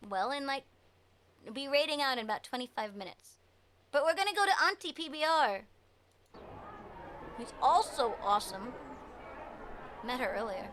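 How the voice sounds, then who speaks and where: A woman chats casually on a live stream, giggling and drifting through fillers. Her voice sits a little high. A constant hiss runs under the recording. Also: lively intonation, normal speed, pauses often, fairly bright tone. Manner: chatty and giggly, trails off with fillers.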